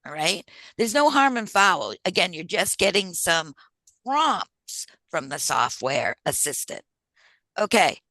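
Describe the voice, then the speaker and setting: A woman's voice: fairly low pitch, big pitch swings, slow, pushed and bright, no room sound. A woman presenting a job-search workshop in a conversational way, often checking in with her listeners. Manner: conversational, keeps checking in with "right?".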